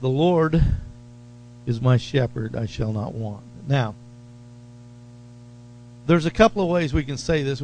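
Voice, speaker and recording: A man's voice: mid-range voice, vocal fry, darkish tone, a little hiss or hum. A man preaching a sermon as pastor, leaning hard on key phrases and drawing them out. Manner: slow, emphatic preaching with drawn-out stressed phrases.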